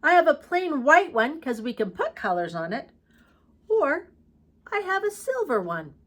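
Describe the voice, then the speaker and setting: A woman talks to young children in a gentle, encouraging voice, leading a craft lesson and a story read-aloud. Her pitch sits a little high and swings widely in a sing-song way. She speaks slowly and carefully. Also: sing-song. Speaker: children's teacher.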